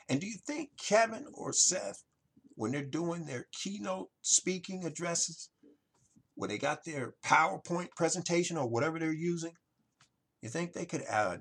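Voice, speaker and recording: Husky man giving emphatic rhetorical pep talk. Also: on the high side. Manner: emphatic, rhetorical questions, addresses listeners as ladies and gentlemen. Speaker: podcast host. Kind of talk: motivational marketing monologue.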